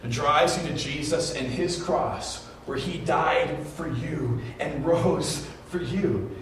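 A male pastor preaching, his voice ringing through a very reverberant church and picked up from some distance. He tells stories and lifts his voice into high, emphatic peaks, over a faint hum of room noise. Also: slow pace. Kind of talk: sermon. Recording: very echoey room, voice from afar.

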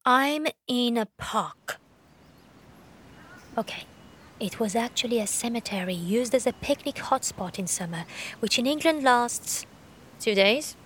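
A woman's voice: a little high, lively intonation, measured pace, long pauses, fairly bright tone, slight background noise. A young woman telling a comic story, brash and sardonic, swearing freely. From Brazil. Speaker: comedian.

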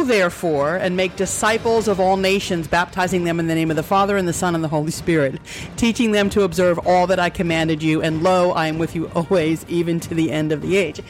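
A woman reading Bible verses aloud as a commentary host and breaking off into sarcastic, exclamatory asides. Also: fairly low pitch.

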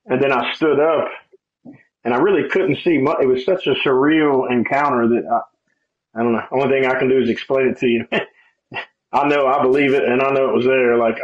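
A middle-aged man, a guest giving his testimony, chats through his story in a relaxed, talkative manner, mimicking other people's voices when quoting them and laughing along. His pitch is an ordinary midrange, and the recording is somewhat dull and lo-fi.

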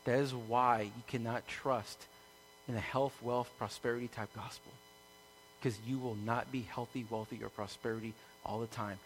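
A man preaching a sermon to a congregation, building from calm teaching to loud, impassioned peaks. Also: medium pitch, moderate pace, slight background noise. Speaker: pastor. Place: room with an audience.

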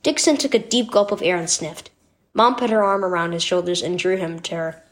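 A woman reading a scripted children's devotional story in an expressive storytelling manner. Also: lowish voice, brisk. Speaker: devotional reader.

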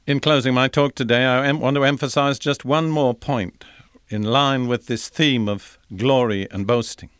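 A man delivering a Bible teaching in an earnest, measured manner, pausing to read scripture aloud. His voice sits in an ordinary middle register, recorded close and dry with no room sound around it. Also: mid-range voice, fairly even intonation, fairly bright tone, smooth, no echo.

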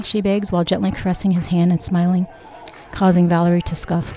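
Mellow-voiced woman reading her novel aloud. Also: on the low side, little pitch movement, a little fast. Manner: reads every character in a near-natural voice with small lifts for dialogue. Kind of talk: audiobook read-aloud narration.

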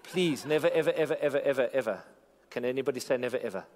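Pastor preaching in reverberant church. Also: male voice, mid-range voice, fast, slight background noise. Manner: animated, repeats phrases for emphasis, jokes with the congregation. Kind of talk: sermon. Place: church with congregation.

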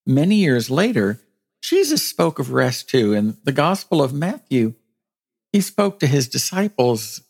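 A middle-aged pastor from the gives a podcast sermon in a gentle, storytelling way. His voice sits at an ordinary pitch for a man but swoops up and down with lively expression. The is easy and warm in its pacing. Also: husky.

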